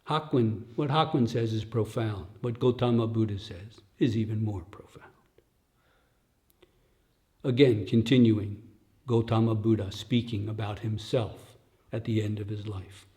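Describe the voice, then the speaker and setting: At a retreat, an older man teaches the dharma in a fairly low, steady voice, moving at a slow, reflective pace. He frequently caps his sentences with "huh?" and lowers himself into gentle, almost whispered asides.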